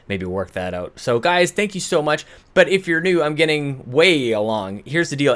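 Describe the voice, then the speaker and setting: Recording at home in British Columbia, this man rambles through a chatty podcast intro, fixing his words as he goes and sounding slightly breathless. His pitch is fairly high and a bit bright.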